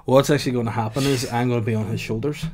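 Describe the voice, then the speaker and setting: A man filling in as podcast co-host, laid-back and quick to laugh in casual chat. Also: mid-range voice, steady tone, over a noisy crowd.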